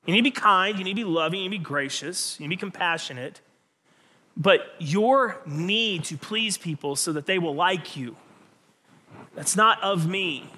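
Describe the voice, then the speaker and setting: A preacher voicing God, who earnestly and insistently corrects a people-pleaser. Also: male voice, high-pitched, normal speed, pushed and bright. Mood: gentle correction.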